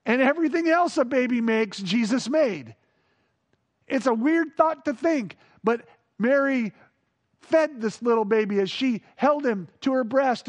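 A man with a strikingly high voice delivers a sermon. He drops into hushed, reverent passages, then lifts into playful, animated emphasis. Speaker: pastor.

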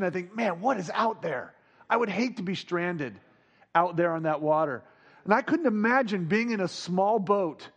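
A man delivers a sermon in a notably high voice. He builds to loud, urgent repetitions, then drops to low, hushed phrases for the calm moments. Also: dull audio. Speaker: preacher.

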